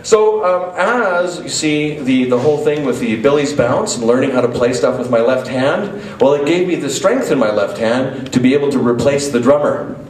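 A man's voice: mid-range voice, animated, moderate pace, darkish tone. Man telling a story at a drum clinic. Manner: casual anecdotal, stopping to play drum examples. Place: festival stage before an audience. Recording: echoey live hall, mic from far off, drums.

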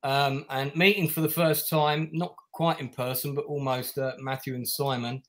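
A man hosting a relaxed online interview chat. His voice sits at an ordinary middle pitch, and he speaks loosely with plenty of ums and uhs. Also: moderate pace. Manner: chatty, many fillers. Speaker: interview host. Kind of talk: casual video-call interview.

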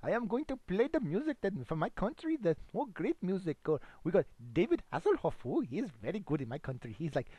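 A man voicing a bumbling, crude male radio DJ with a put-on foreign-sounding delivery and broken English, rambling excitably into a home computer microphone. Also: high voice, fast, few pauses, breathy edge, dry recording, heavily acted. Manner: rambling, excitable, swings between loud bursts and mumbles. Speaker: comic radio host persona. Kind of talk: improvised comedy monologue.

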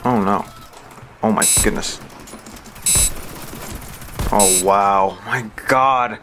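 A young man giving casual gameplay commentary, excitable and self-deprecating, swearing when things go wrong. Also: lowish voice, drawn-out words, noisy background.

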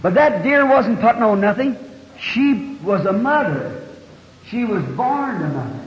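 A man's voice: high voice, sing-song, measured pace. A man preaching a sermon, telling a story in a folksy country way with plain homespun grammar. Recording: dull, echoey 1960 hall recording.

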